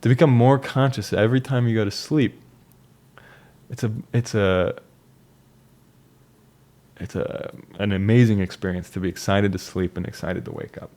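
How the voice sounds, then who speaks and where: A man's voice: lowish voice, steady tone, normal speed, long pauses, darkish tone. A young man talking casually and reflectively about his life, rambling with restarts and fillers. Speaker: vlogger. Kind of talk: casual personal monologue.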